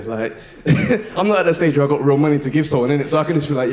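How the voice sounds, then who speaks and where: A young man doing a slangy, animated stand-up comedy set. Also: fairly high pitch, fast, few pauses. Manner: animated, slangy, swings into loud shouted bits. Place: live comedy venue with audience.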